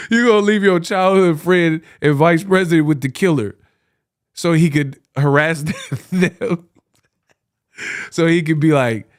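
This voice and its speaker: A man hosting a boxing commentary channel, reacting in a slangy, mocking, incredulous way. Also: sits high.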